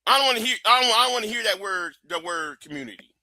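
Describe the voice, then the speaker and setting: A man ranting on his livestream in a high, very bright voice. He is blunt, profane and emphatic, and the sound is dry and close. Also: animated, fast, no room sound. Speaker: livestream host. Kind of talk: heated commentary rant.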